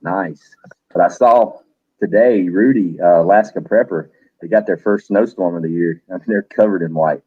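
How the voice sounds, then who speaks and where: Deep and husky at a moderate pace, a middle-aged man hosts a laid-back livestream, greeting viewers by name and cursing now and then. The recording is dry and sounds phone-quality.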